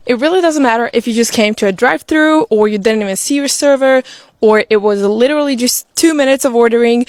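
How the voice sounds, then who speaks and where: A woman's voice: a little high, no echo. European woman, dry close voice. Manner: methodical, lists points. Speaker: exchange student. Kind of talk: casual talk to camera.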